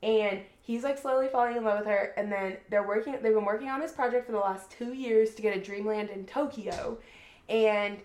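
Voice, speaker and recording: A young woman co-hosting a podcast who recaps a book in casual chat. She is an animated storyteller who swears freely and says "like" often. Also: mid-range voice, normal speed. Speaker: podcast co-host. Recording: roomy echo.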